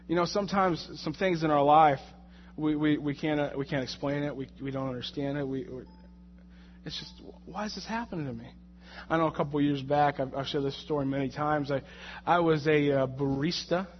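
Brief: young male preacher, fairly high voice, animated and jokey, stumbles and repeats words; sermon in a church hall. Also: fairly quick, a little hiss or hum. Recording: muffled, in a reverberant hall.

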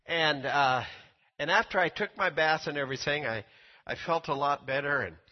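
An older man preaching a sermon, telling a personal story in a folksy way, often repeating words and climbing high when he quotes people. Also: moderate pace, muffled recording.

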